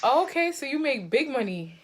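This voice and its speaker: A young woman of eighteen with a Boston accent, her voice pitched a little high and swooping up and down as she teases. She talks playfully, setting up deadpan questions over a phone video chat. A faint hiss sits behind her. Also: normal speed. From Boston, USA. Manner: playful, teasing, deadpan setups. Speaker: vlogger chatting with strangers. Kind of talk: casual video-chat prank. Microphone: phone on a video-chat app.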